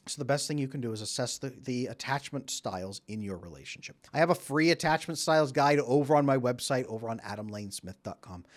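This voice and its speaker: A man talking as a relationship coach, giving direct advice and acting out the voices of people he quotes. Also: mid-range voice. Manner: animated, acts out quoted voices. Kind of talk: direct-to-camera advice talk.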